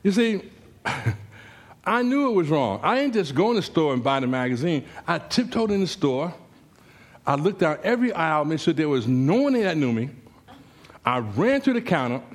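A man preaching a sermon in a church, telling a story with humor and rising, animated exclamations. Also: medium pitch.

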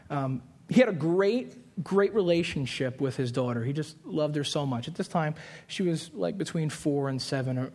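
A young man preaching from a pulpit, his voice sitting a little high for a man. He tells stories with animated put-on voices and quick asides, then turns earnest and repeats his key lines for emphasis. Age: 20s. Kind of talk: sermon.

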